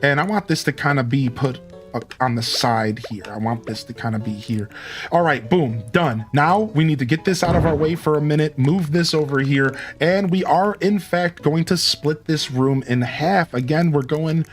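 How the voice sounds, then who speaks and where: A man's voice: on the high side, normal speed, faint music behind. A man streaming a cozy building game, chatty and upbeat as he thinks aloud about his choices. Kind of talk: let's play commentary.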